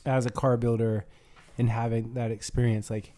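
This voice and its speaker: Chill host guy, mellow voice, lots of "like"s. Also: medium pitch, little pitch movement, normal speed. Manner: loose, filler-heavy talk. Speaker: podcast host. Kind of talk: casual chat.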